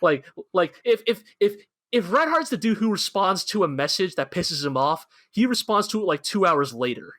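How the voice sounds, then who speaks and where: Higher-voiced man rambling in casual chat. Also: very animated, moderate pace, few pauses, fairly bright tone, dry recording, clean studio sound. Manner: rambling, filler-heavy, spins playful modern analogies. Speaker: podcast co-host.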